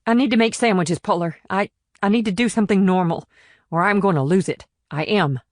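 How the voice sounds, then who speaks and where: A woman's voice: medium pitch, brisk, dry recording, clean studio sound, natural voice. A woman voicing a blunt, plainspoken small-town police officer in an audiobook. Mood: rattled. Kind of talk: audiobook character reading.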